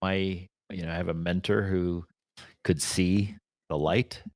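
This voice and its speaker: A man's voice: deep voice, fairly even intonation, a little slow, no room sound. A man co-hosting a talk show, speaking reflectively about spiritual ideas in casual conversation. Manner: reflective and spiritual, with short affirmations. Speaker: podcast co-host.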